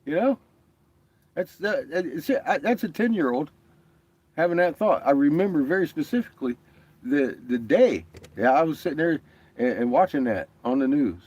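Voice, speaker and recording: A man's voice: on the high side, lively intonation, moderate pace, a little mellow, breathy edge. A man chatting casually on his vlog, telling stories with lots of swearing and laughter, acting out what others said. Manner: profane, laughing storyteller, quoting others. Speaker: vlogger. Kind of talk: casual chat.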